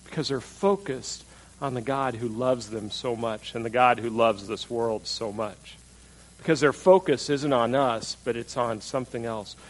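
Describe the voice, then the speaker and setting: A male pastor preaches conversationally in an everyday sermon voice, asking the congregation questions and putting on mocking voices for quotes. He speaks unhurriedly in a mid-range voice, and the audio is poor.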